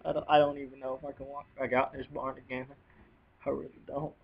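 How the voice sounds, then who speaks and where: A young man telling a personal story on a home video, choked up and near tears, talking in halting bursts with sighs and restarts. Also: mid-range voice, level tone, vocal fry, slight background noise. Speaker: vlogger. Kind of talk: emotional personal account. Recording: dull lo-fi home video audio.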